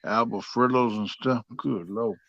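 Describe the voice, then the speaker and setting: A man co-hosts a casual chat, reacting quickly and teasing the others. He sits at an ordinary middle pitch, and his voice comes through dull and lo-fi, with a dry sound. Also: fairly even intonation, gravelly, fairly bright tone, no room sound. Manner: chatty, quick to react and tease.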